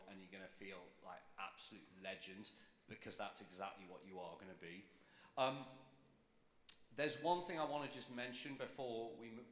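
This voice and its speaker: A middle-aged British man with a London accent addresses students at a ceremony, enthusiastic and chatty. His voice is bright and forceful. It rings out with long reverb across a big hall. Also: on the low side. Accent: British English, London. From Britain. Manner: enthusiastic, chatty, building to cheers. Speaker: civic official giving a speech. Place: large hall with audience.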